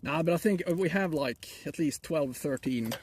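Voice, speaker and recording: A man's voice: a little high, moderate pace, darkish tone, slightly rough. A middle-aged man with a Swedish accent, joking and rambling to his chat while streaming from a frozen lake. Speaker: livestreamer. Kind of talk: casual live stream chat.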